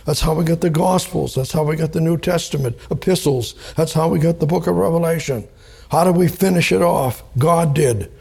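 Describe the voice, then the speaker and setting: A man teaching the Bible verse by verse, slow and deliberate, spelling out and repeating key words. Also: fairly high pitch, vocal fry, darkish tone, husky.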